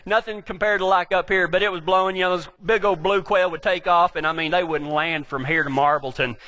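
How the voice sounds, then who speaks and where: A man with a West Texas drawl preaches in a high voice, wandering through cowboy yarns with plenty of jokes. His tone is bright and forceful, and his speech is packed with ranch slang. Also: steady tone, brisk. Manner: folksy, rambling, joking, with cowboy slang. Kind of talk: storytelling sermon to a live audience.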